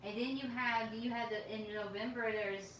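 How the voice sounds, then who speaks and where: A woman's voice: a little high, fairly even intonation, normal speed, a bit bright, slight background noise. A woman hosting a casual livestream dinner chat, rambling and giggly, with lots of fillers. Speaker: livestream host. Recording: roomy, echoey sound from a distant mic.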